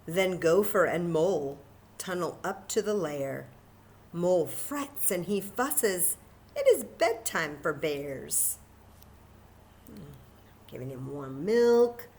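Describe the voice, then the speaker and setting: A woman librarian reading a picture book aloud at children's story time, animated and enthusiastic, talking to the kids. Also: lowish voice, slow.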